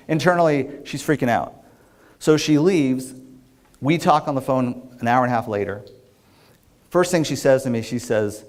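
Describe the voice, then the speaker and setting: Male executive coach, middle-aged, mid-pitched, lively storyteller who acts out dialogue. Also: moderate pace. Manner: animated storyteller acting out quoted lines. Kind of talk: storytelling talk to an audience.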